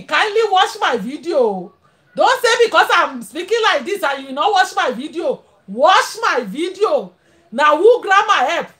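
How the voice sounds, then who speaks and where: Nigerian woman host, very high and animated voice, chatty and laughing, greets live-stream viewers. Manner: chatty, laughs often, switches into pidgin. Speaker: livestream host. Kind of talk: casual live-stream chat.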